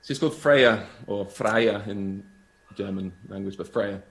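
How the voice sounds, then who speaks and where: A man's voice: lowish voice, unhurried, creaky, poor audio. A man from England, a guest musician, chatting casually from his home over a video call, rambling a bit and laughing easily. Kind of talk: casual chat.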